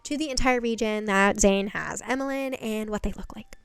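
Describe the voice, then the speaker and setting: Woman paraphrasing a brisk practical heroine. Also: mid-range voice, clean tone, dry recording, lightly acted. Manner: matter-of-fact paraphrase. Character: brisk practical female ally.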